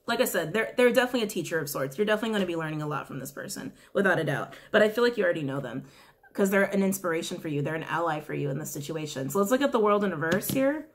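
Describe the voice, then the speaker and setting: A woman's voice: lowish voice, animated, very fast. Chatty woman giving a blunt tarot reading. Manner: chatty, repeats questions to the cards, swears freely. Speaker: tarot reader. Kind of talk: casual weekly tarot reading.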